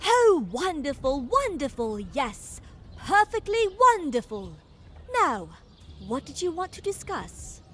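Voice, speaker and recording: A woman's voice: sits high, very animated, slow pace, sharp tone, soft background music, exaggerated voice. An actress playing a prim, etiquette-obsessed noble lady in a video game, fussy and affected.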